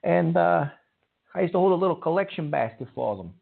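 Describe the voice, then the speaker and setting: A man hosting a call-in radio show, talking in a rambling way with many halting restarts. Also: a little high, animated, creaky, slightly rough. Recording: tinny phone-line sound.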